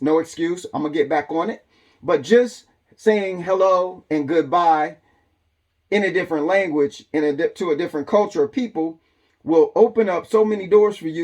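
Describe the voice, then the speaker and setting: A man hosting a survival channel. He talks in a loose, casual monologue with a drawl and lots of ums. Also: a little high.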